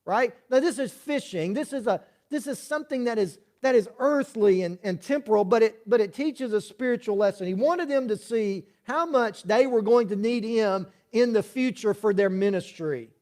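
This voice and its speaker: Man, pastor, sermon, fairly high voice, conversational, church. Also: lively intonation, moderate pace, few pauses, a little mellow. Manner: conversational preaching, frequent "right?" asides.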